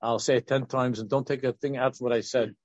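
A man's voice: medium pitch, fairly even intonation, quick pace, darkish tone, no echo, muffled recording. A man in his sixties, a religious teacher and counselor, giving an informal Torah talk that rambles through restarts and asides.

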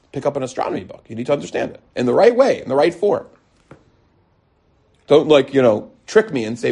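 Middle-aged rabbi guy teaching torah, gravelly husky voice, lively and storytelling. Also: medium pitch. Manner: animated, storytelling, with bursts of emphasis. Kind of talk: Torah lecture.

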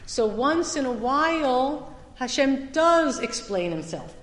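A woman teaching a Torah class as a summer lecture, stressing some points loudly and dropping into quiet asides. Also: high-pitched, big pitch swings, slow. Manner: emphatic, swings between loud stresses and quiet asides. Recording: echoey hall with long reverb.

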